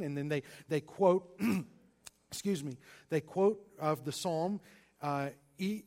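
A man preaching a sermon, stressing single words and swinging between loud and quiet delivery. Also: high voice. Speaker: pastor.

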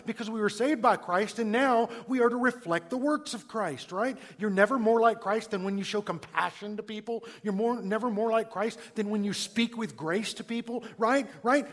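A man preaching a sermon, emphatic, moving between hushed and loud passages. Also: sits high. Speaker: pastor. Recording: long hall reverb.

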